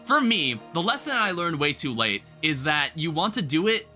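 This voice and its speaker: Bright, lively young man rambling. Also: fairly high pitch, normal speed, soft background music. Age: young adult. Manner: rambling animated storytelling with swearing. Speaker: livestream host. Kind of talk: casual chat while gaming.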